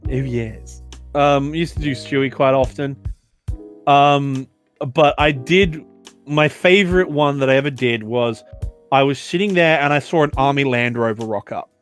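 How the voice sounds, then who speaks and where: A young Australian man, a podcast co-host, telling work stories casually, animated and swearing, full of fillers. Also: medium pitch, normal speed, faint music behind. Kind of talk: casual storytelling.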